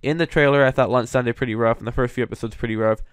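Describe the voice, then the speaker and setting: Man, casual commentary, smooth clear voice, dry close sound, rambling with fillers. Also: medium pitch, fairly even intonation, racing, no echo. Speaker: host reviewing voice recasts.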